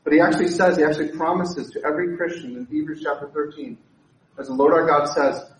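A male pastor preaching a lively sermon, full of joking asides and repeated words. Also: on the high side, fast talker, far from the mic, dull audio, slight background noise. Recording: echoey room, speaker away from mic.

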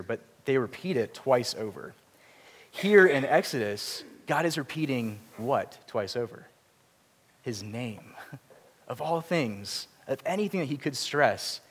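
A man preaching in a church, his voice trailing off into a long hall reverb. He explains things earnestly and slips in self-deprecating asides. His pitch sits in an ordinary middle range. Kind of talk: sermon. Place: church sanctuary.

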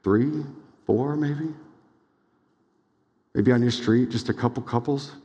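A young adult man preaching a sermon as pastor, casual and animated, full of "like"s and quick asides. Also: mid-range voice, husky, lo-fi sound. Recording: long hall reverb.

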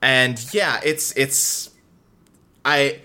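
Bright-voiced animated man hosting a podcast. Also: mid-range voice, extremely slow. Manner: animated, filler-heavy, frequent restarts. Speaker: podcast host. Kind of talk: casual podcast chat.

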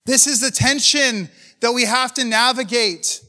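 A man preaching with fervor, his voice high and bright with an edge to it. He talks to leaders in a loose, conversational way and keeps firing rhetorical questions. The sound rings out with long reverb like a large hall. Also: unhurried. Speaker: pastor.

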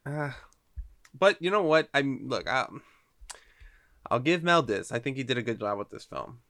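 A man's voice: mid-range voice, animated, normal speed, fairly bright tone. A man co-hosting a casual film podcast, giving emphatic opinions and incredulous reactions.

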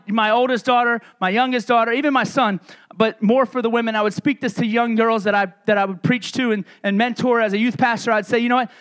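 Male pastor, middle-aged, very high voice, casual jokey sermon delivery. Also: a bit bright, smooth. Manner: humorous, conversational preaching with asides.

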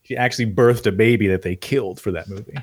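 A man's voice: lowish voice, fast talker, darkish tone. A man joking around in a casual movie chat. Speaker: podcast co-host.

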